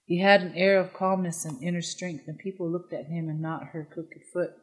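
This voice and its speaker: A narrator reading a storybook aloud in an even, unhurried way. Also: mid-range voice, low-quality recording.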